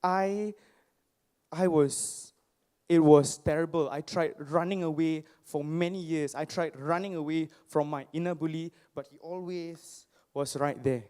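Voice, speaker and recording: High-voiced man telling stories on stage. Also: steady tone, measured pace, a little mellow, smooth. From Singapore. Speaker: motivational speaker. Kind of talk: personal storytelling speech to a live audience. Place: stage before a live audience.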